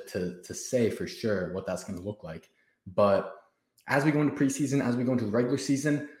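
A man's voice: mid-range voice, a little mellow. A young man in his twenties hosting a casual livestream at home, hyped and slangy, laughing often as he chats. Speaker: host of a fan livestream. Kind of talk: casual live chat. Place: room at home. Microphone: camera set on the floor. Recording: roomy echo.

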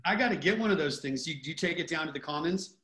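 A man's voice: a little high, expressive, quick pace, pushed and bright. A man chatting casually, teasing and laid-back. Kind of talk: casual chat. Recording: roomy echo.

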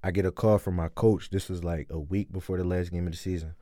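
A young man telling a story in a casual interview, excitedly acting out quotes. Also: deep voice, quick pace, no echo, studio quality. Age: young adult. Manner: animated storyteller, acts out quotes loudly. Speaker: interview guest, college football player.

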